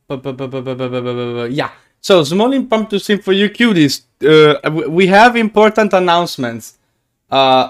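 Excitable, stammering young-sounding male streamer. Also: a little high, smooth. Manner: excitable, stammering, playful, greets chat. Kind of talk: casual live-stream chat.

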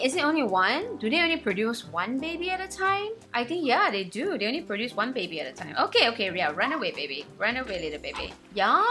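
A young woman, hosting a let's play and commenting excitedly as she plays. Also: fairly quick. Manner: excitable, squealing highs and gasps. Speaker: gaming channel host. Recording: faint game music behind.

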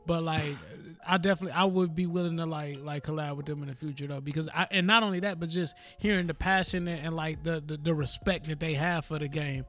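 A man's voice: a little high, fairly even intonation, fast talker, few pauses, a bit bright. A man hosting a podcast, talking in loose, profane, joking banter with his co-host. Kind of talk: casual chat.

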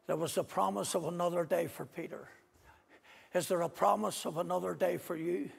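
Gravelly Northern Irish preacher, impassioned. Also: male voice, steady tone, a little fast. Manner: impassioned preaching, swinging between loud cries and hushed low repetitions. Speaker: pastor. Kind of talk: sermon. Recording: long hall reverb.

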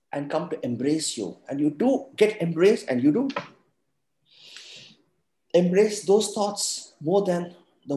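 Middle-aged male webinar speaker, emphatic motivational style, raised pitch, roomy echo. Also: a little mellow. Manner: emphatic, asks the audience questions. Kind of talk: motivational talk.

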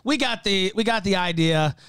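A man hosting a livestream call-in show, confrontational and shouting insults at callers. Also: high voice, expressive, normal speed, clear, resonant tone, no room sound. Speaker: livestream host.

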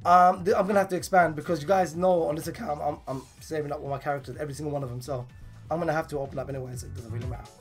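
A woman with a hoarse, partly lost voice giving casual commentary on her game pulls, excitable and bursting into laughs and shouts. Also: low voice, rapid-fire, faint music behind. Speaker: gaming channel host.

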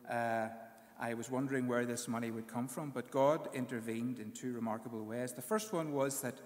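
A man with a British accent, a graduating student giving an earnest speech at his ceremony, often pausing on fillers. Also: mid-range voice, roomy sound, in a large hall. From United Kingdom.

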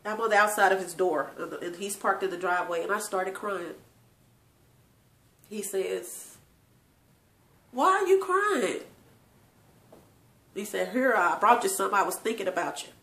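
A woman's voice: mid-range voice, moderate pace, fairly bright tone. A woman telling tearful personal family stories to her viewers, laughing often. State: crying at times. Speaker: channel host. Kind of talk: emotional personal storytelling. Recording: echoey room.

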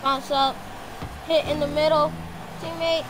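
A woman streaming a car football game live, commenting excitedly and shouting at her teammate. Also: high voice, normal speed, heavy background noise.

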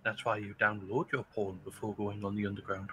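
Guy w a bright sharp voice dropping crude deadpan jokes while gaming. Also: fairly low pitch, fairly quick, slight background noise. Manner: dry crude quips. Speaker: gaming co-player. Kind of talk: casual chat while gaming.

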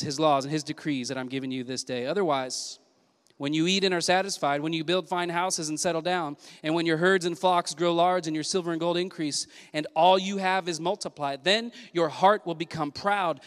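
Man, pastor, fiery sermon, high voice, long hall reverb. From Southern California. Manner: energetic preaching, punchy repetition, call-and-response with the congregation. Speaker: senior pastor. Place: church sanctuary.

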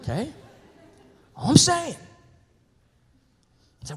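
A male pastor preaching in a large church sanctuary, his voice ringing with a long hall reverb. He is lively and animated, dropping to near whispers and then rising to shouts. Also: very high-pitched, moderate pace, creaky, long pauses. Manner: animated, swinging from hushed to shouting. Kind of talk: sermon.

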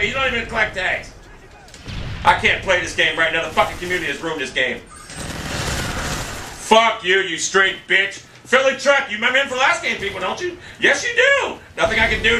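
A man commentating on his own game play, cursing and taunting, dropping to mutters, then shouting in bursts. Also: a little hiss or hum. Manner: swings from low muttering to loud shouted outbursts; profane, taunting. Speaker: gameplay commentator. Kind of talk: angry live game commentary. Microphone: room mic with webcam on him. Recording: echoey room, mic far off.

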